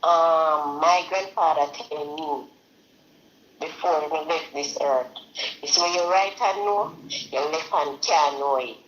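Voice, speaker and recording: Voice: mid-range voice, slow, a bit bright, reverberant, muffled recording, a little hiss or hum. A host with a Jamaican accent chatting about politics, cutting in to tell stories. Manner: interjecting, storytelling. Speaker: live stream host. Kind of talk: casual political chat.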